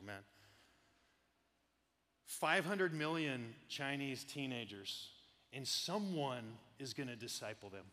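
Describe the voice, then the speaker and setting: A man preaching a sermon, telling animated personal stories and laughing often. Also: medium pitch, in a large hall. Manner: animated storyteller, laughs often, quotes people. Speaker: pastor.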